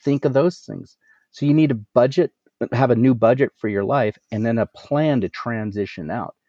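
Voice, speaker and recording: A man giving energetic business advice as a coach, asking rhetorical questions and laughing at himself. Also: mid-range voice, normal speed, dry recording, muffled recording. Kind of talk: casual business interview.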